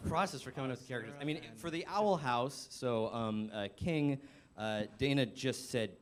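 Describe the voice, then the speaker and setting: A voice actor on a live panel, speaking casually, laughing and halting with fillers. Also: male voice, mid-range voice, expressive. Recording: live panel before an audience.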